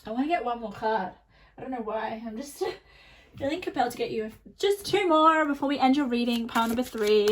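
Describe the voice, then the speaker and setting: A woman's voice: fairly high pitch, animated, a little fast, slight background noise. A woman giving a pick-a-card tarot reading to camera, speaking in a chatty, reassuring way with many fillers. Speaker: tarot reader.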